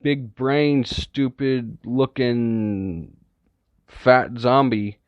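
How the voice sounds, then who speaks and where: A man playing a calm, laid-back young male schemer with a flat, low-key delivery. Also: extremely slow, no echo. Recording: dull, lo-fi, dry recording.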